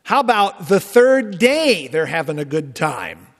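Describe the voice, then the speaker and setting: Lutheran pastor preaching in a reverberant church. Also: male voice, on the high side, measured pace. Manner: expressive preaching with emphatic rises and conversational asides. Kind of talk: sermon. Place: church sanctuary.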